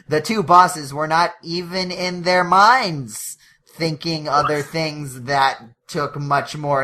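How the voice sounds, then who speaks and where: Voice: mid-range voice, a bit bright. A podcast co-host reading fanfiction aloud, breaking into laughs and correcting stumbles along the way. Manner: reads with frequent laughs and self-corrections.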